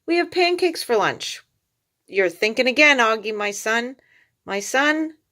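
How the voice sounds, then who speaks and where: A woman voicing an eager young male cartoon dog who flatters his dad with nicknames, read from a storybook. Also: fairly high pitch, a little slow, voice pushed up. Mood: cheerful. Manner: cheerful, flattering, talks in rhyming nicknames.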